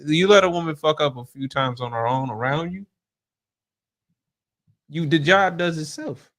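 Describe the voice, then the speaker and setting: A man co-hosting a podcast in casual chat, laid-back and halting, with plain speech. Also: fairly high pitch, a bit bright. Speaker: podcast co-host.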